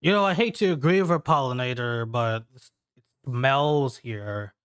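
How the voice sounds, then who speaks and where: A man's voice: mid-range voice, measured pace, a bit bright, smooth, no room sound, clean studio sound, lightly acted. A man doing a fed-up woman fighter. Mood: annoyed.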